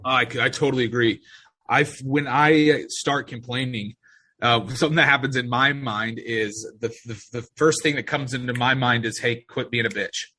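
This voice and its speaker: A male podcast host in casual conversation, earnest and quick to agree with his guest. His voice is bright and forward with a husky edge. He often restarts a phrase before he finishes it. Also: mid-range voice, steady tone.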